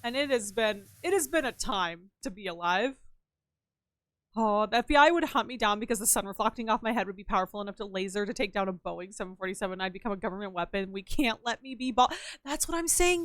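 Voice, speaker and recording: A young woman streamer chatting casually with her stream chat while gaming, animated, laughing often, and reading messages aloud between loud outbursts and quiet mumbles. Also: medium pitch, fast talker, no echo.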